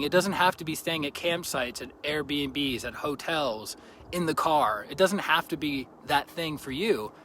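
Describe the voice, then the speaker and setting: His voice runs high, pushed and bright, with a little hiss or hum in the recording. He's a vlogger livestreaming a road trip on a handheld phone beside a lake, slightly out of breath, joking around, chatting casually and greeting viewers by name.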